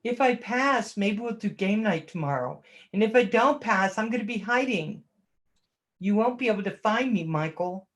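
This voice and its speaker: A woman's voice: medium pitch, expressive, moderate pace. A woman hosting a casual livestream, chatting and self-deprecating as she greets viewers by name and laughs often. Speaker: livestream host reading chat.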